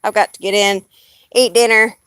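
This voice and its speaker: A woman's voice: medium pitch, fairly even intonation, normal speed, a bit bright, clean tone, no room sound. A woman with a Southern US accent chatting casually on a live stream, rambling and blunt, swearing freely.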